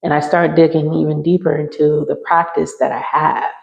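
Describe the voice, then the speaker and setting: A woman with a gravelly edge of fry in her voice tells a personal story to a class, looping back over her own phrases as she goes. She sounds roomy and a little muffled, as if caught in an echoing space on modest gear. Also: low voice, fairly even intonation, normal speed, a little mellow. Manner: repetitive, circling back on phrases while recounting. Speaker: healing class teacher.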